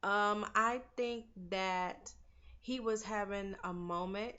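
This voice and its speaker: A woman's voice: mid-range voice, takes it slowly, sharp tone, muffled recording. A young woman casually recapping a TV episode, chatty and opinionated, talking to viewers like friends. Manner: chatty and opinionated, talks to viewers as "girl" and "y'all". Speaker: TV recap vlogger.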